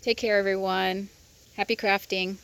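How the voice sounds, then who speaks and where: A woman's voice: medium pitch, flat delivery, normal speed, a bit bright, clean tone. A woman in her forties giving a casual vlog tour, rambling fondly through memories with lots of fillers and getting choked up, recorded on a handheld phone outside a windy craft shed. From southern Indiana. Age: 40s. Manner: rambling, fond reminiscing with frequent fillers. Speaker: craft vlogger.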